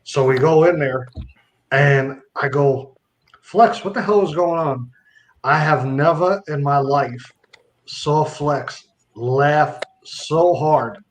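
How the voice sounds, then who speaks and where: Male podcast guest with a slightly high voice, animated storyteller who acts out the dialogue. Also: takes it slowly, poor audio. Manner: animated, acts out other people's lines. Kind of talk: storytelling a comic anecdote.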